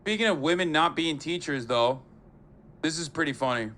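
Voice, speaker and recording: A man streaming live, giving casual reaction commentary in a sarcastic, profane, animated way. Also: a little high, normal speed.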